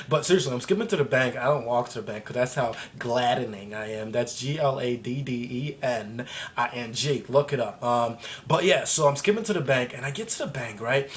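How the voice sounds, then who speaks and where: A man's voice: medium pitch, fairly quick. A young man vlogging to camera, telling a rambling, profane story with lots of laughter and exaggeration. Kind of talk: casual comedic storytelling to camera.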